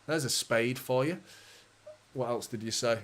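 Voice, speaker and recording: A man's voice: medium pitch, measured pace, fairly bright tone. A man from England hosts a live football fan stream, chatting straight into a streaming mic. He reads viewers' comments aloud and answers them in a loose, defensive, conversational way. He swears casually and laughs between his points. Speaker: football fan channel host. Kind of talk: live stream chat reading.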